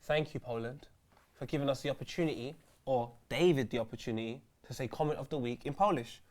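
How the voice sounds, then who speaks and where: A young man co-hosting a casual football chat, full of animated slangy banter. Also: mid-range voice, quick pace. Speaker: co-host.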